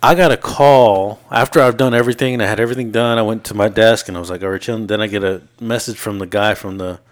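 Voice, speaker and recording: On his podcast, a man with a lowish voice recounts lengthy stories from the past week at a quick pace. It's relaxed, foul-mouthed banter, with him imitating what others said and laughing as he tells it.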